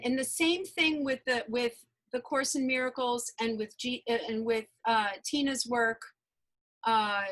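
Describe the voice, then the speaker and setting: A woman's voice: sits high, a bit bright, rough recording. A woman guest in an interview, telling her personal story earnestly and emphatically, often repeating phrases. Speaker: interview guest, energy healer.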